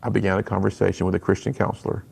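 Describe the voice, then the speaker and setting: A middle-aged man, a guest on a radio interview, telling his personal story in an earnest, animated way and acting out the lines he quotes. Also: low-pitched, racing, vocal fry, slightly rough. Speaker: radio guest, speaker to students.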